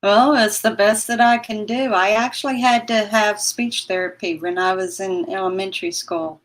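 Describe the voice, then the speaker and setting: A woman's voice: mid-range voice, fairly even intonation, moderate pace, poor audio. A woman chatting casually on her livestream who says she has trouble with her W sounds and coos at her dog in baby talk. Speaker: vlogger reading live chat.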